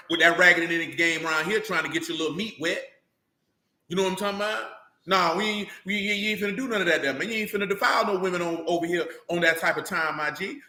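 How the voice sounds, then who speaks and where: A man's voice: high voice, sharp tone, echoey room. A man preaching a blunt, slang-filled sermon, often asking rhetorical questions of his listeners. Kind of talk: street-style sermon.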